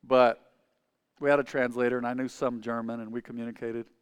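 Male pastor, mid-pitched, dry close sound, conversational sermon with questions to the pews, loud peaks and quiet asides. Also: little pitch movement, brisk, clean tone, no room sound. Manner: conversational, asks the congregation questions; swings between loud emphatic and quiet asides.

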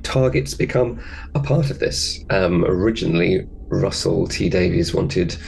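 A man's voice: low-pitched, unhurried, vocal fry, a little mellow, a little hiss or hum, low-quality recording. A man, a book editor, answering interview questions hesitantly with many ums.

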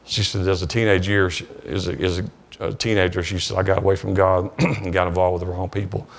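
Halting Southern pastor preaching. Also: male voice, low-pitched, little pitch movement, gravelly. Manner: halting, repeats words, retells dialogue. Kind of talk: sermon storytelling. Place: church sanctuary.

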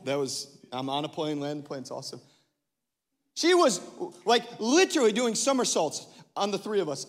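A man in his thirties, a pastor preaching a lively sermon, swinging between loud exclamations and hushed asides and laughing often. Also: high-pitched. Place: large church hall. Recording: long hall reverb.

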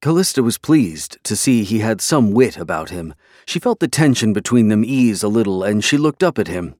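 A man reading scripted narration for an audiobook in a measured, even way. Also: lowish voice, no room sound, studio quality.

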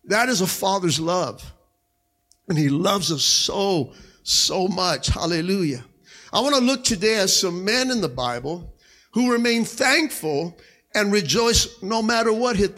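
A man preaching a sermon as pastor to his congregation in a church, with a slightly raspy voice, calling out "come on" and "amen" and shouting as he rises. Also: sits high. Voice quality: a little raspy. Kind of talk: energetic sermon. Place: church sanctuary.

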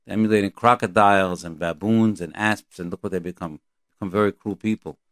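A man teaching a Torah class, quoting Hebrew verses and translating them, in a halting, repetitive but earnest and emphatic way. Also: deep voice, steady tone, a bit bright, no echo, clean studio sound.

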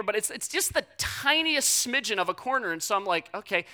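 A young man preaching, a pastor telling a personal story in a blunt, animated way. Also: high voice, brisk, hardly any pauses.

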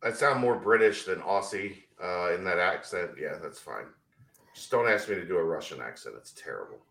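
Low, bright-voiced man in a sports podcast. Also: lively intonation, normal speed, creaky. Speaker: podcast co-host. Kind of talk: casual sports podcast chat.

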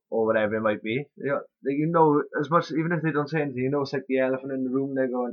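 A man's voice: medium pitch, fairly even intonation, rapid-fire, few pauses. A young man hosting a casual podcast chat, rambling loosely and swearing offhand. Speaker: podcast host. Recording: muffled lo-fi podcast audio.

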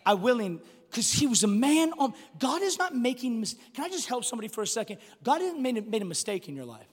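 A man preaching a sermon, swinging between loud bursts and quiet, hushed drops. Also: very high-pitched, big pitch swings, quick pace, few pauses, breathy edge. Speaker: pastor. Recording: long hall reverb with faint music.

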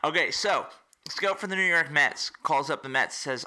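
Male co-host with a very bright tone, casual, tells groan-worthy jokes and then explains them. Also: fairly high pitch, moderate pace. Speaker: podcast co-host. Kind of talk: casual chat.

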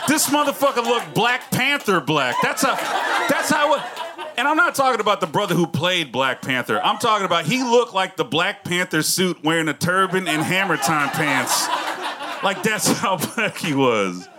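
A man in his thirties on a comedy club stage, telling jokes in a loud, profane, animated way and laughing along with them. His voice sits a bit high for a man, and a clear hiss runs through the recording. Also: moderate pace. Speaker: stand-up comedian. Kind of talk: stand-up comedy set.

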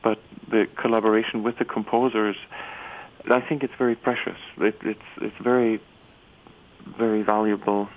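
A man who is an opera baritone, giving reflective interview answers with frequent restarts and fillers. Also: flat delivery, moderate pace. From Canada. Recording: tinny phone-like radio sound.

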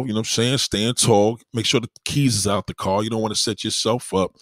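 A man's voice: lowish voice, fairly even intonation, fast talker, hardly any pauses, no room sound, clean studio sound. A man giving dating advice in a casual, profane monologue full of street slang. He keeps checking in with the listener. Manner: keeps asking "you know what I mean".

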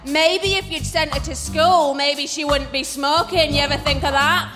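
Woman voicing a high, loud, mocking neighbor, scornful, from a live stage. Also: steady tone, moderate pace, music in the background, lightly acted. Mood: taunting. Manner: mocking, taunting. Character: jeering working-class English neighbor, scornful. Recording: live stage with hall reverb.

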